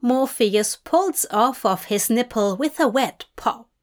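A woman's voice: a little high, lively intonation, takes it slowly. A woman voicing an eager man in love in an audiobook fanfic reading, speaking earnestly and a little breathlessly.

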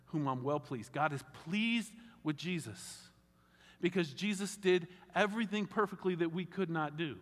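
A man pastor delivers a sermon in a slightly raised voice, conversational and animated, with wry asides to the congregation. His words carry a long reverb from a large hall. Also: a little high, normal speed.

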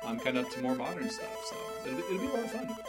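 A man's voice: mid-range voice, big pitch swings, very fast, loud music behind the voice. Chatty male gaming podcast host. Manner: chatty, frequent fillers and restarts, laughs easily. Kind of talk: casual gaming podcast chat.

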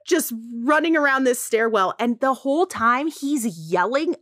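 A woman tells a story in a loose, animated way, full of "like" and sighs. Her voice sits a bit high, and the sound is dry and close, with no room around it. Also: measured pace, no echo. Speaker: podcast co-host and storyteller. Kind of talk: casual storytelling chat.

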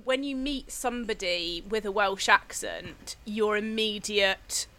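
A woman's voice: medium pitch, unhurried, sharp tone. A woman in casual chat, wry and ribbing the others.

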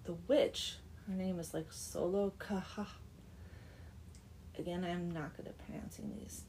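A woman's voice: on the low side, fairly even intonation, a little slow, a little mellow, slight background noise. A young woman casually retelling a folk tale, chatty with wry asides and dips into whispers. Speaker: storyteller. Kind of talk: casual comic story retelling.

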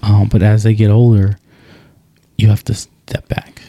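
Podcast co-host, man in his 30s, gravelly and mellow, dry close sound, acts out quotes. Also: on the low side, unhurried, no echo. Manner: animated storyteller, acts out quotes. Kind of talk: casual chat.

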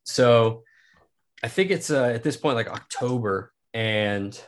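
A man's voice: medium pitch, slow pace, a little hiss or hum. A young man from Kansas, a podcast guest, telling a personal story in a casual, rambling way, full of filler words and swearing.

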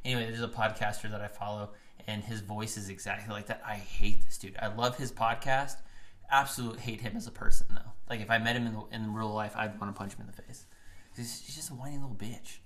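A man's voice: steady tone, brisk, fairly bright tone. A man co-hosting a casual podcast, rambling with lots of "like" fillers, recorded on a phone mic. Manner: rambling, loose, many "like" fillers. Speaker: podcast co-host. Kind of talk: casual chat. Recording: iPhone mic, low production.

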